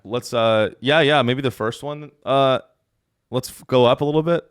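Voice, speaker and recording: A man's voice: mid-range voice, moderate pace, smooth, no room sound, clean studio sound. A man hosting a podcast, in crude, joking casual chat that rambles and trails off into fillers. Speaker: podcast host.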